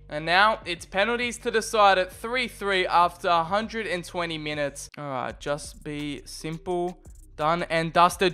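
A young man commentating on his own football video game match, shifting from calm play-by-play to loud excited shouts. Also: high-pitched, normal speed, clear, resonant tone. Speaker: gaming video creator. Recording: faint background music.

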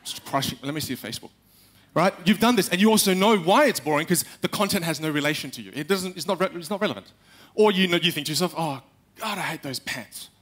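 A young man giving a live talk on stage, animated, acting out little quotes and speaking straight to the audience. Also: high-pitched, fast talker. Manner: animated, acts out quotes, addresses the audience directly.

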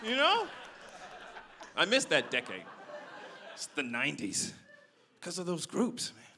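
A man doing a stand-up comedy set on a club stage, animated, swinging from loud punchlines to low asides. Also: a little slow, noisy background.

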